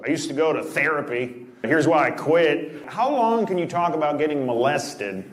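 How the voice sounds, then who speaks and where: A man's voice: fairly high pitch, lively intonation, normal speed. A man doing stand-up comedy and crowd work on a club stage, brash and teasing. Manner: brash, teasing, shifts into mock voices for bits. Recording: echoey club with loud crowd noise.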